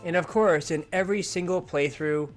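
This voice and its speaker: Male commentary host, slightly high voice, sarcastic narration over soft music. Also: moderate pace. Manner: dry, mocking narration.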